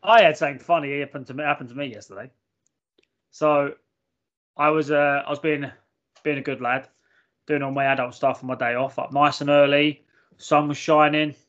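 A man with a slightly high voice tells a story in casual, animated podcast chat. He swears freely and laughs along as he goes. The recording is muffled and lo-fi. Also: moderate pace, pauses often. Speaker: podcast host.

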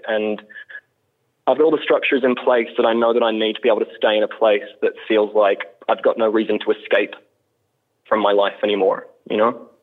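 Aussie guy on a crackly phone line, rambly, laughs at himself. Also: medium pitch. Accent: Australian. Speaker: caller. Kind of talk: storytelling on a call-in show.

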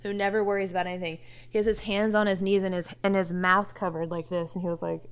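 A woman casually telling a personal story, animated and laughing, acting out what others said. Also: mid-range voice, fast, clear, resonant tone. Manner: animated, laughing, acts out quotes.

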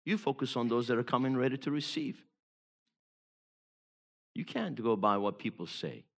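Emphatic male preacher, hushed to loud. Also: mid-range voice, expressive, moderate pace, vocal fry. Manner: emphatic, swings between hushed storytelling and loud exhortation. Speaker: evangelist preacher. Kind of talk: sermon.

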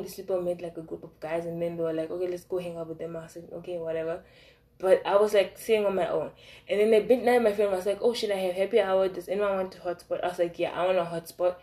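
A young woman telling a casual storytime about her crushes, animated, swinging between loud outbursts and soft asides. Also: on the low side. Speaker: vlogger.

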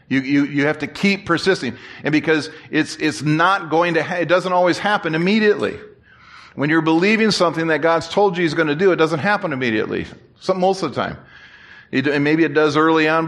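A man preaching a sermon as pastor, telling a story in a lively, joking way and repeating phrases for emphasis. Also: a little high. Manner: animated, jokey storyteller who repeats and restarts phrases.

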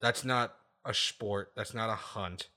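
Man, podcast host, bright tone, swearing, emphatic rant, casual chat. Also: fairly low pitch, measured pace. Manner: emphatic ranting, keeps asking "okay?"; profane, laughs at his own points.

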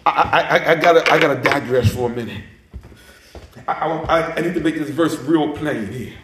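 A man's voice: medium pitch, moderate pace, fairly bright tone, a little hiss or hum. A man preaching a sermon with fervor, laughing between lines and repeating himself when moved. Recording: echoey church, mic at a distance.

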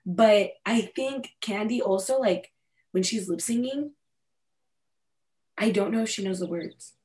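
A woman's voice: mid-range voice, measured pace, a little mellow. A woman co-hosting a podcast in casual, emotional chat, swearing freely and talking with feeling. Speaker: podcast co-host.

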